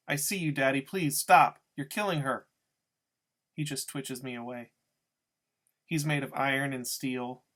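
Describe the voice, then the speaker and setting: Man narrating a tense story. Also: medium pitch. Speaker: audiobook reader. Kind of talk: first-person storybook narration.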